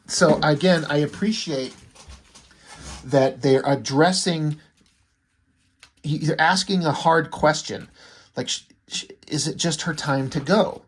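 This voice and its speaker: A man's voice: a little high, slow, pauses often, husky. A middle-aged man giving rambling, hesitant commentary on a comic book, casual and full of fillers.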